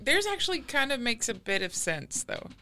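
A woman who sings, a podcast guest talking in a relaxed, matter-of-fact way. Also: a little high, normal speed, faint music behind. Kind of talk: casual chat.

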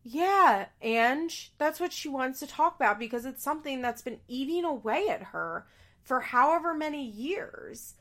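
A woman's voice: high voice, animated, a little slow, a bit bright. A young woman giving a casual, opinionated recap of a reality show, blunt and exasperated, swearing freely.

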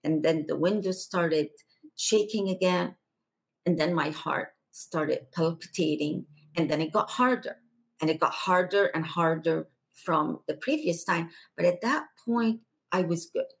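A woman guest on a podcast, earnestly recounting a personal testimony and going hushed for the quieter moments. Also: lowish voice, a little slow, creaky, slightly rough.

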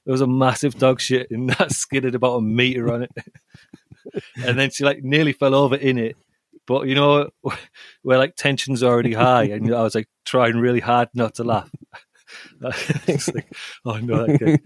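A man's voice: medium pitch, flat delivery, moderate pace, dry recording. A young man, a podcast co-host, rambling through a travel story with lots of "like" and laughs along the way. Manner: rambling, says 'like' a lot, laughs while telling stories. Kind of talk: casual chat, storytelling.

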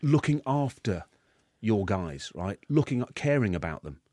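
Guest in his 50s, low-pitched, halting delivery, dry close sound. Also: very animated, darkish tone, no room sound. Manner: halting, many restarts. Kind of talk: interview.

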